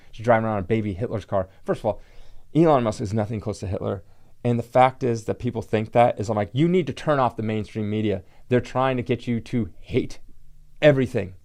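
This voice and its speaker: Talking to camera on his own channel, a comic book collector delivers a rambling, indignant opinion rant packed with "like." He has a mid-range voice with vocal fry and a slightly mellow sound.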